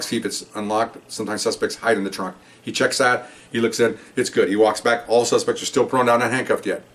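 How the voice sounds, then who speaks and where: A man, a retired police officer, telling a story from his years on the job in a casual, animated way, playing the voices of the people in it. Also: fairly low pitch, recorded from a distance. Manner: animated, acts out voices in the story, chuckles often.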